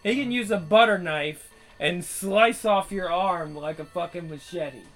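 A man's voice: high voice, unhurried, a bit bright, poor audio. A man hosting his channel in casual, profane commentary, rambling with frequent restarts. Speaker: channel host.

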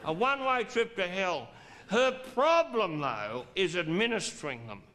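A middle-aged man telling a crude, drawn-out stand-up story on a theatre stage, with theatrical pauses. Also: sits high, big pitch swings, pushed and bright, slight background noise. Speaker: stand-up comedian. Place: theatre stage before a laughing audience.

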